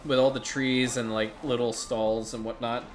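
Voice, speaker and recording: A man giving casual, chatty commentary over a city-building game, turning gleeful and loud when something delights him. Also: mid-range voice, moderate pace, slight background noise. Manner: chatty, excitable, bursts into gleeful shouting. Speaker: gaming YouTuber.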